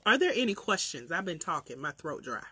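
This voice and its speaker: A woman with a country Southern accent talks straight to her livestream viewers, chatty and preacherly, laughing as she goes. Her voice is bright and forward. The sound is dry and close, with no room echo. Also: fairly low pitch, big pitch swings, brisk, slightly rough. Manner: laughs often, colloquial. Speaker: life coach trainer.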